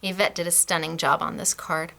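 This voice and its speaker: A middle-aged woman hosting a craft class, chatting warmly and gushing over samples, laughing often. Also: lowish voice, steady tone, fairly quick, gravelly. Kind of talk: casual product demo.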